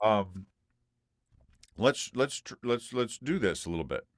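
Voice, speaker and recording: A man's voice: fairly low pitch, lively intonation, unhurried, no room sound, clean studio sound. A man coaching a student through a one-on-one voice lesson, patient and demonstrative, repeating points for emphasis.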